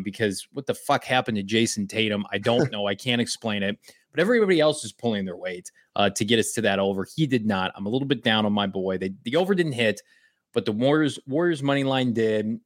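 A man's voice: on the low side, fairly bright tone, no room sound, studio quality. Brash, swearing male sports-betting co-host. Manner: brash, profane, boastful banter. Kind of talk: casual sports betting chat.

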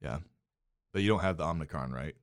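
A man's voice: very deep voice, a little fast, smooth. A middle-aged man co-hosting a movie podcast with his son, chatting casually in a teasing, bossy way and laughing often. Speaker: podcast co-host, father. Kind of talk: casual chat about movies and TV. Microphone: headphones and studio mic.

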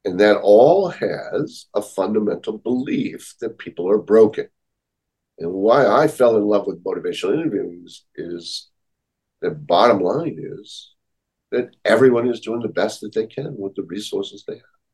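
A man's voice: lowish voice, animated, normal speed, a little mellow, breathy edge, low-quality recording. A man, a therapist and author, speaking earnestly and reflectively as a podcast guest, often repeating his key points. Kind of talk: conversational interview.

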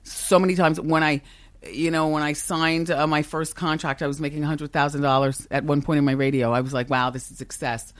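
A woman's voice: deep voice, little pitch movement, fairly quick, dry recording. A woman in her fifties with a strong, commanding voice, talking candidly and emphatically in an interview, often laughing. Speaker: talk show host as podcast guest. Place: office with a kitchen upstairs.

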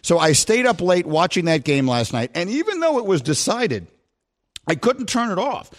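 A man's voice: high-pitched, sing-song, normal speed. A man hosting a sports radio show, tired and giddy, laughing and teasing callers.

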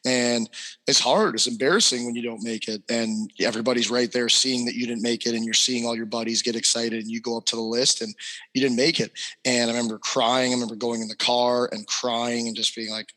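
A man's voice: mid-range voice, sharp tone. A young adult man and hockey trainer, co-hosting a podcast and telling a personal story animatedly, with many fillers. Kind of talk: casual storytelling.

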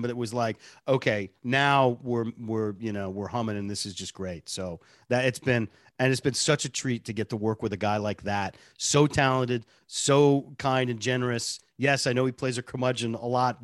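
Man, radio producer, animated storyteller, dry close mic. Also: mid-range voice, dry recording. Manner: animated storyteller, laughs often. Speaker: radio show producer and personality. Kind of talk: casual interview chat.

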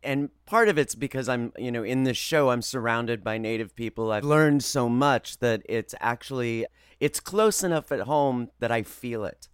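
A man who works as a voice actor, telling stories in an interview in a lively, expressive way. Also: mid-range voice, normal speed, smooth, no room sound, clean studio sound. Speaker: voice actor guest. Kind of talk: animated interview storytelling.

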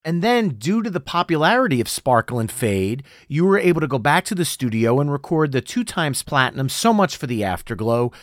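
A male podcast host with a slightly raised pitch reads scripted introductions and questions. His voice is close and dry, with no room sound around it. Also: very animated, fairly quick, few pauses, no echo. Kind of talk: interview podcast.

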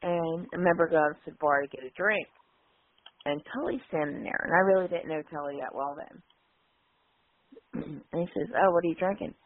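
A woman's voice: sits low, moderate pace, pauses often, no room sound. A woman casually telling anecdotes and acting out quoted voices. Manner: chatty, acts out quotes with voices. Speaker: guest storyteller. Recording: dry, phone-like line.

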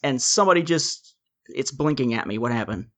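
A man on a casual podcast panel, joking with quick asides. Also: mid-range voice, expressive, background noise.

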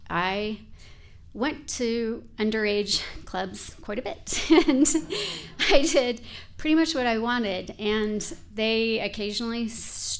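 A woman's voice: medium pitch, creaky. A woman in her forties telling a personal story in a candid, conversational way, with frequent filler words.

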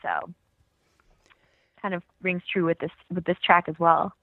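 A woman's voice: lowish voice, unhurried, no room sound. A woman co-hosting a podcast, chatting eagerly about music with lots of fillers and light laughs. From California. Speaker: podcast co-host. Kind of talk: casual chat about music. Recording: thin phone-like dry sound.

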